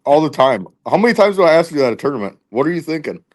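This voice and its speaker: A man's voice: on the high side, sing-song, fast talker, darkish tone. A man guest on a podcast, telling rambling stories in casual chat and laughing often between lines. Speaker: podcast guest, tournament angler.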